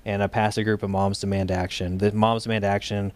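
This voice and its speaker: A man with a slightly low voice and a drawl, talking as an interview guest. He tells his story in loose, rambling runs, with many "uh"s and restarts along the way. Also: level tone, a little fast. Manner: talks in loose runs with frequent fillers and restarts. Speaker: guest, state director of a gun rights group.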